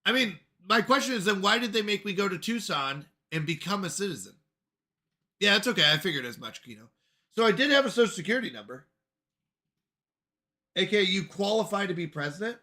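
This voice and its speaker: An American man chats casually on a gaming livestream, drifting from topic to topic as he replies to viewers. His voice sits high and sounds bright and forceful. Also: expressive, fairly quick, pauses often. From United States. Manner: rambling, answers chat questions aloud. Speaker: streamer.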